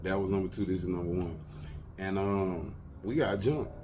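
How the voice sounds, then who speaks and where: A man's voice: low-pitched, normal speed, a little mellow, a little hiss or hum. A man, hosting his show and telling personal stories in loose, slangy, casual talk. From Texas, US. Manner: loose slangy talk, lots of "you feel me". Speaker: show host.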